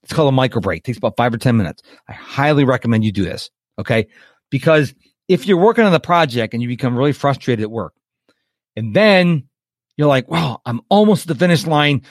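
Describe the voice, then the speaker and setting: A man hosting a live webinar as a coach, chatty and lively, acting out quotes and checking in with his listeners. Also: mid-range voice, brisk, dry recording, studio quality. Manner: chatty, animated, acts out quotes and checks in with "okay?".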